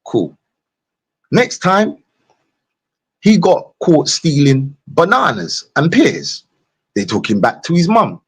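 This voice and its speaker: A husky-voiced man with a London accent rants on a live stream. His pitch swings widely, and he repeats his jabs over and over in a mocking way. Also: slow, long pauses. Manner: mocking, repetitive, animated. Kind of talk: casual live-stream rant.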